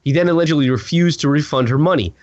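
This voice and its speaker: A man's voice: a little high, quick pace, no room sound, highs cut off. A man reading news stories aloud for comic effect, breaking off for sardonic asides. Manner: sardonic asides between quotes.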